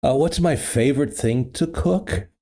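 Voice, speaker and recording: A man's voice: medium pitch, measured pace, dark tone. A man hosting a casual livestream chat, rambling with many fillers and restarts into a studio microphone. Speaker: livestream host.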